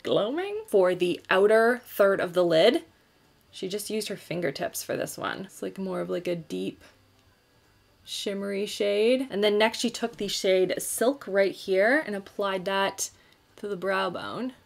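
A bubbly young woman talks her way through a makeup try-on in a relaxed, chatty way, her voice sitting at a middle pitch. She thinks out loud, fills gaps with small asides, and sounds close to the camera in a room at home. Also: measured pace, creaky. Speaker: beauty YouTuber. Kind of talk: casual makeup tutorial chat. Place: home filming setup, indoors.

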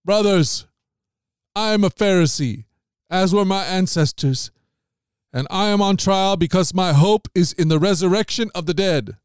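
A man's voice: mid-range voice, steady tone, normal speed, darkish tone, clean tone, no room sound, clean studio sound, close to an everyday voice. A man reading an earnest, bold apostle. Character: earnest, bold male apostle defending himself.

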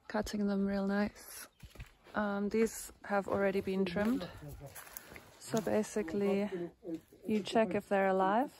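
A woman's voice: mid-range voice, gravelly, darkish tone, a little hiss or hum. A young woman vlogging outdoors at a rural property, chatty and laughing often as she calls out to her dog. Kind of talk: casual vlog narration while filming. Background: dogs barking.

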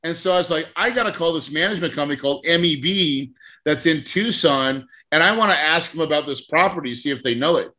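A man's voice: a little high, fast talker, sharp tone. A man hosting a podcast interview, telling a story with animation, acting out conversations and laughing often. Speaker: podcast host and real estate mentor.

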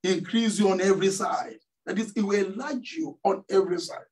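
A man's voice: high voice, a little fast, darkish tone. A middle-aged man from Nigeria with a Nigerian accent, preaching a sermon as pastor in a church and asking the congregation to finish his sentences. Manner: call-and-response questions to the congregation. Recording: voice somewhat distant from the mic.

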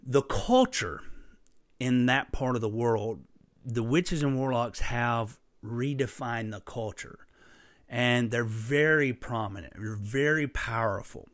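A man preaching a sermon through a personal story, impassioned and emphatic, with sudden loud bursts. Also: medium pitch, slow, no room sound.

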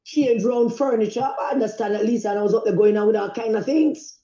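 A woman's voice: a little high, brisk, warm tone, echoey room, lo-fi sound. An angry, agitated woman with a Jamaican accent, speaking out in a heated phone voice note. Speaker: politician in a voice note.

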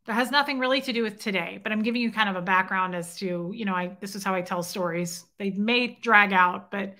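Bright-voiced, outspoken woman vlogger. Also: medium pitch, a little fast. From grew up in Scientology. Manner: outspoken, indignant, swears freely; rambling, loops back with "okay?" and "right?". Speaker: vlogger telling a personal story. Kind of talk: emotional storytelling to camera.

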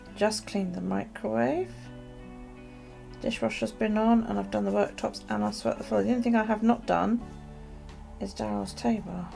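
A woman chatting casually about her journal and her chores, rambling with many pauses and ums. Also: medium pitch, steady tone, gravelly, dark tone, soft background music. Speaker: journaling vlogger. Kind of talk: casual chat.

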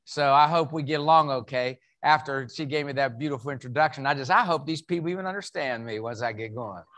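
A man's voice: medium pitch, fast, a bit bright. A man from West Virginia with a Southern accent, giving a humorous motivational keynote at an event, folksy and full of jokes. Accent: Southern American. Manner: folksy, joking storyteller. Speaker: keynote speaker. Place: event hall.

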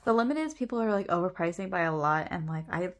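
A woman's voice: on the low side, expressive, quick pace. A young woman chatting casually while sorting her photocards, rambling, laughing often and correcting herself. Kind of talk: casual chat.

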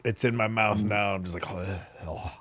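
A middle-aged man co-hosting a comedy podcast, chatting casually in an animated way, dropping into low groaning asides. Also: fairly quick, no echo. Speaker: podcast co-host, reads the ad.

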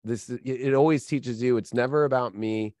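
A man's voice: mid-range voice, fairly quick, a little mellow, no echo, studio quality. A man who works as an astrologer, telling stories in a casual podcast chat, rambling with lots of fillers. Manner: rambling, filler-heavy storytelling. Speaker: astrologer guest.

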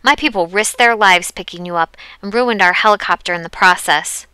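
A woman reading the lines of a gruff, suspicious man who speaks loudly and commandingly in an audiobook. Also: high-pitched, a little fast, dry recording. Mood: angry. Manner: loud, commanding.

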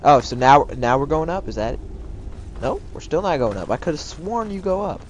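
Animated, profane gameplay commentator man. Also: fairly high pitch, moderate pace, slight background noise. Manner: excitable, profane, breaks into shouted outbursts and goofy sing-song.

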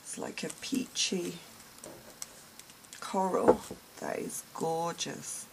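Slow, gravelly-voiced woman gushing softly. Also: on the low side, steady tone, background noise. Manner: soft, slow and gushing, many gasps and sighs. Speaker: craft vlogger opening gifts. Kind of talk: casual unboxing vlog.

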